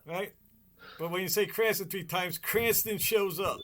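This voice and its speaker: A man's voice: high-pitched, unhurried, a loud crowd. A man from Rhode Island co-hosting a podcast, talking bluntly and casually, swearing freely and teasing his friends. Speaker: podcast co-host. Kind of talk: casual chat.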